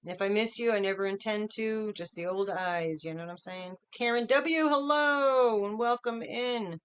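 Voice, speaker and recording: A middle-aged woman hosts a livestream from home. She chats in an upbeat, easygoing way and greets viewers by name one after another. Her voice is smooth and clear, at an ordinary pitch for a woman. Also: moderate pace. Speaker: livestream host.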